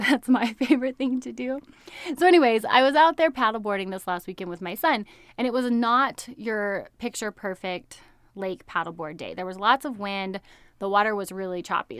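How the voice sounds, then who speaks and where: An American woman in her thirties talks casually about healthy eating, with a middle-range voice and a bright, chatty, upbeat manner. She peppers her sentences with "like" and laughs easily. The recording is close and dry, with no room sound. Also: medium pitch, clear, resonant tone, no echo. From United States. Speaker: health coach. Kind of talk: casual podcast monologue.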